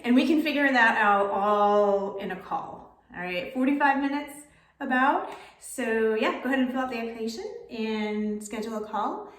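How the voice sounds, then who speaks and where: Casual woman coach with an echoey sound. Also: fairly high pitch. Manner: casual, keeps asking "right?". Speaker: life coach. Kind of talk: storytelling and coaching talk. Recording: roomy echo, distant mic.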